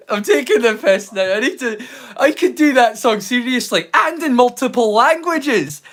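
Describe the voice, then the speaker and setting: A man's voice: extremely high pitch, lively intonation, moderate pace, hardly any pauses, a bit bright. A man hosting a live movie watch-along, rambling casually with jokes and the odd swear word. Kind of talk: casual live-stream chat.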